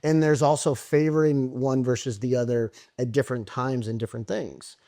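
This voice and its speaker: A man's voice: mid-range voice, steady tone, moderate pace, dark tone. A man hosting a coaching podcast, talking loosely and thinking aloud with many fillers. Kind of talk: conversational interview.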